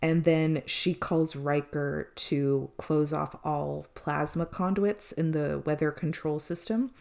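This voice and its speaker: A woman's voice: low voice, slow, gravelly. A woman co-hosting a podcast, recapping an episode in casual chat, quoting the characters and swearing freely. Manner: animated retelling, quotes characters, swears freely.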